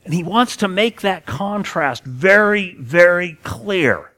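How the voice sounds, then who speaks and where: Earnest preacher with a lively voice. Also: male voice, sits high, slow, few pauses. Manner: earnest, stresses key words, frequent restarts. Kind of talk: expository Bible teaching.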